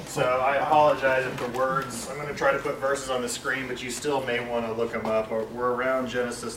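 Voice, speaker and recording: A man teaches a Bible study class, wandering through his points with many fillers and self-corrections. He is heard from some distance in a roomy, echoing space, with a faint hum behind him. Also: medium pitch. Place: classroom with a large screen. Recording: echoey room, far from mic.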